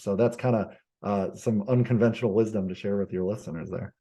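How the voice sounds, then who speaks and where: A man's voice: lowish voice, fairly quick, few pauses, warm tone, slightly rough, muffled recording. A man being interviewed as a business coach, telling stories animatedly with lots of fillers and restarts. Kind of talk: conversational podcast interview.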